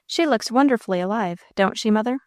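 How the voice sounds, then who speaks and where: A woman's voice: fairly high pitch, expressive, a little fast, no room sound, studio quality, natural voice. A woman reading aloud as a father who makes talking dolls, speaking in a brusque, folksy way. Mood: hearty. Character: blustery doll-making father, impatient.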